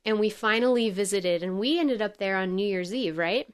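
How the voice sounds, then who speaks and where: A woman's voice: mid-range voice, normal speed, clean tone. An American woman, a young adult, telling a story in casual chat as a guest musician and acting out the quotes. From United States. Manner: lively storyteller, acts out quotes.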